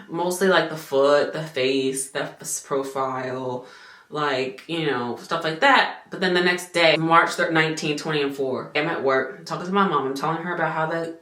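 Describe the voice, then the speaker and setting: A young woman talking straight to camera in a fairly low voice, with a roomy echo around her. She is animated and blunt in this casual story. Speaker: vlogger. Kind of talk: casual chat.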